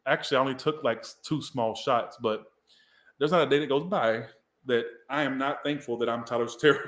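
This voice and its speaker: A man's voice: mid-range voice, moderate pace, fairly bright tone, echoey room. Rambling Southern man reading tarot. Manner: rambling, emotional, swears casually. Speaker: tarot reader. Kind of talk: casual tarot reading livestream.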